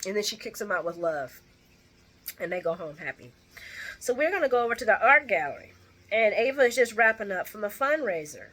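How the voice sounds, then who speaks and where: Woman, soap recap host, bright tone, chatty, rambling, casual. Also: mid-range voice, big pitch swings, brisk. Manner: chatty, rambling with frequent restarts and laughs.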